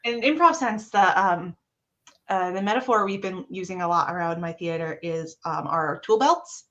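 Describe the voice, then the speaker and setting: A woman talking casually as a guest improviser, animated and acting out her own thoughts in a higher voice. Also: moderate pace, highs cut off. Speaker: guest improviser and behavior analyst. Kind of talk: casual chat.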